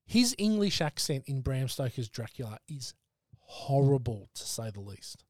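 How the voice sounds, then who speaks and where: A man's voice: mid-range voice, very animated, normal speed, dry recording, studio quality. A man co-hosting a casual film podcast, jokey and opinionated. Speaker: podcast co-host.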